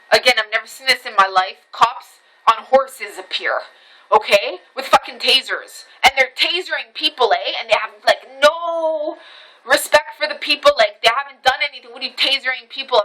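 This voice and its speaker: A woman's voice: a little high, pushed and bright, poor audio. A woman recording a casual storytelling vlog on her camera phone, recounting events animatedly with many restarts, repetitions and swearing. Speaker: vlogger.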